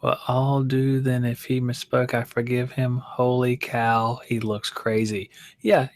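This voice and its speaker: A man co-hosting a live podcast, joking and teasing with quick asides. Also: medium pitch, flat delivery. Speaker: podcast co-host. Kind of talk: casual live-stream chat.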